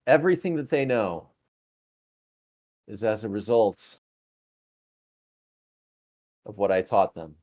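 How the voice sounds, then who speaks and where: A man's voice: lowish voice, expressive, slow, long pauses, darkish tone. A man voicing a pompous, self-important male chief engineer who boasts in a grandiose way.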